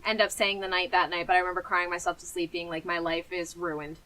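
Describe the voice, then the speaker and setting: A woman's voice: lowish voice, flat delivery, fast, bright, forceful tone, poor audio. A woman, telling a story on a casual podcast and acting out the voices she quotes. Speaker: podcast co-host. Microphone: podcast mic.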